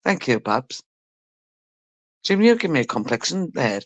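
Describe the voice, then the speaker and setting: A woman on a live stream, talking slowly and easily as she reads out chat comments. She teases and jokes with viewers, laughing often and swearing freely. Her voice sounds close and dry, with no room sound around it. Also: extremely low pitch, very animated, no echo. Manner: teasing banter, frequent laughter and swearing. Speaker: livestreamer reading chat. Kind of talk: casual chat with a live audience.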